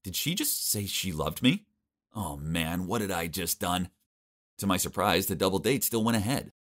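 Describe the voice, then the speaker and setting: A young adult man narrating a first-person story with expressive, dramatic comic delivery. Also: low-pitched, moderate pace.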